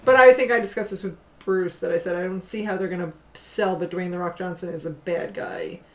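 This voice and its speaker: A woman co-hosting a casual stream about comic books, blunt and teasing and quick to laugh. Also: fairly low pitch. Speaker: co-host. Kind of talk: casual chat about comic book news. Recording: echoey room.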